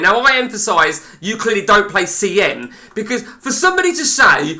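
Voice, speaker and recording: Guy rambling and swearing on a live game stream, highish voice, really bright. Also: very animated, a little fast, hardly any pauses. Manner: blunt and sweary, rambling with many fillers. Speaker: streamer playing a football management game. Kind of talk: live gameplay commentary.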